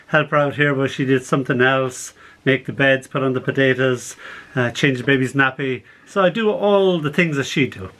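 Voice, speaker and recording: An older man, a poet, reading his poems and telling stories behind them over a video call, animated and quick to laugh. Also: medium pitch. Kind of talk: poetry reading with anecdotes.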